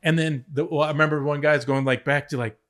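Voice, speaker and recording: A man with a slightly high voice talks in a loose, casual podcast style. He tells backstage anecdotes with a lot of profanity. He acts out other people's lines in the middle of his sentences. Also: quick pace, slight background noise. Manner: animated, profane, acts out quotes mid-story. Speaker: former head writer of a wrestling show, podcast guest. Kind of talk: casual storytelling chat.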